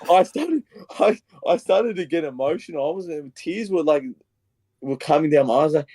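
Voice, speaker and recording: Excitable young Australian man, rambling. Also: on the high side, normal speed, no echo. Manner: excitable, rambling storytelling with re-enacted quotes. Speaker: podcast co-host. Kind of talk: casual footy podcast chat.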